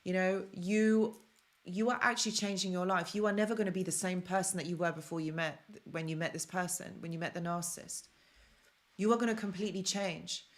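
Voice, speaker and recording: A woman's voice: fairly low pitch, brisk. A woman hosting a live stream, talking casually and emphatically to her viewers. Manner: emphatic and excitable, addressing viewers directly. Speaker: host of a live stream on toxic relationships.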